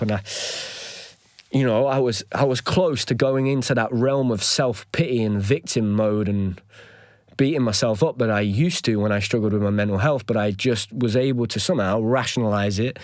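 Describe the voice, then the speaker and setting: A man's voice: medium pitch, normal speed, a little mellow, no echo, studio quality. A young man, a podcast host, telling a candid personal story in an earnest, rambling way with lots of fillers.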